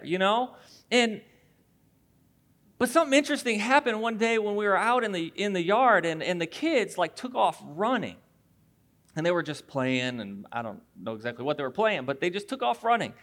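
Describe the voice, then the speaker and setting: A man with a notably high voice delivers a sermon as a pastor. He talks casually and conversationally, with restarts, and acts out quick voices as he tells a story. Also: expressive, a bit bright.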